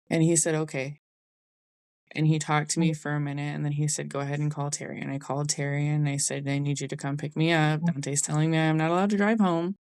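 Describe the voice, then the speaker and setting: A young adult woman hosts a podcast, telling a personal story in a candid, conversational way and dropping a Southern "y'all." Her voice is low, with a darkish, clear, resonant tone. There's no room sound.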